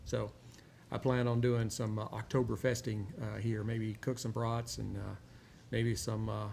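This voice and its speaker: A man from Texas with a drawl, hosting a cigar review show and chatting in a rambling, relaxed way with many filler words. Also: fairly low pitch, measured pace, gravelly. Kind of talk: casual chat while smoking a cigar. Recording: faint background noise.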